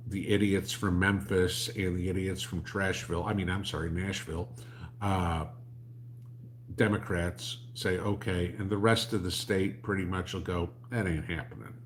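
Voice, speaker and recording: Deep-voiced man, blunt and sarcastic livestream host, faint hum behind. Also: fairly even intonation, a little slow. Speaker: livestream host answering chat. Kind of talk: casual livestream chat.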